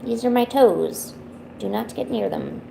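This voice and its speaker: A woman chats on her home art stream and coos sing-song baby talk at her cat between asides to viewers. Her voice sits a bit high with a gravelly fry at the ends of phrases. A faint hiss runs under the recording. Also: a little slow, warm tone. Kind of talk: casual live-stream chat.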